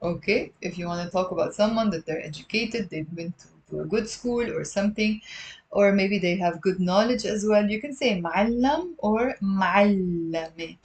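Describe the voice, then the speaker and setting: A woman with a Lebanese accent teaching a live online Arabic lesson, patiently repeating words slowly and greeting viewers by name. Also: mid-range voice, a little mellow. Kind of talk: live-stream language lesson.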